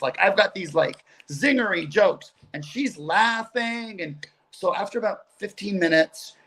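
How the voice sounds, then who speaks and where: A middle-aged man appearing as a guest comedian tells lively stories on a video call, full of chatter and quick side remarks. His voice is high, and there's slight background noise.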